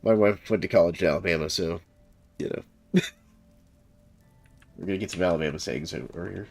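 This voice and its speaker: Soft background music plays behind a low, gravelly male voice that moves a little fast. The speaker, a Southern man in his thirties, streams games and hosts a server, chatting loosely with a laid-back ramble, frequent fillers and chuckles.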